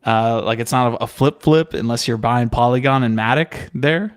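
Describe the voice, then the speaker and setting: A man's voice: medium pitch, normal speed, clear, resonant tone. A laid-back man hosting a casual livestream chat. He talks in an upbeat, easygoing way. His voice sits in the middle range for a man. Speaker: host.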